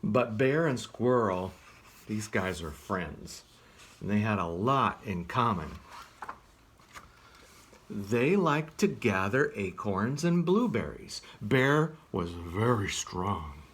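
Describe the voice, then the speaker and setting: A man reading a picture book aloud as a children's librarian, gently asking the listener questions. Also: fairly low pitch, very animated, takes it slowly, slightly rough.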